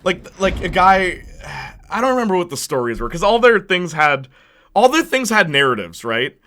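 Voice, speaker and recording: Bright-voiced young man rambling between game moments. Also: high voice, normal speed, a little hiss or hum. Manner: animated rambling storyteller, breaks into laughter; reads and answers viewer chat. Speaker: gaming channel host. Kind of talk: casual let's-play chat.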